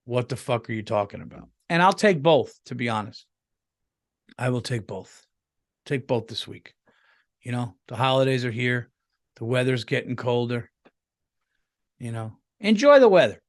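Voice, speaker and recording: A man's voice: medium pitch, expressive, unhurried, pauses often. A man hosting a podcast, rambling through a casual comedic monologue with lots of swearing and restarts. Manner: rambling, profane, full of restarts. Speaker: podcast host. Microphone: podcast microphone, on camera.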